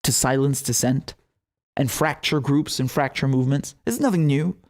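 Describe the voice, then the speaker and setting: A man's voice: medium pitch, normal speed, a little mellow. A young man hosting a political commentary show, talking casually with heated, profane, sarcastic outbursts and laughing asides.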